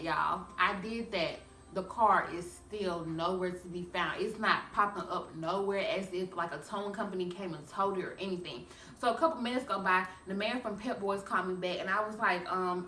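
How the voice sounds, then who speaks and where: A young woman vlogger telling a storytime to her viewers in a chatty, animated way, calling them y'all. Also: mid-range voice, a little fast, slight background noise. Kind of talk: storytime vlog. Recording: echoey room, a bit far from mic.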